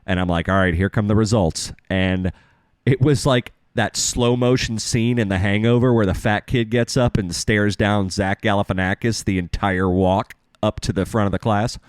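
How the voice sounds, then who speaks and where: Host, male, low voice, crude self-mocking storyteller, dry close sound. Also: steady tone, normal speed, smooth, no room sound. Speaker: show host. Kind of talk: casual storytelling chat.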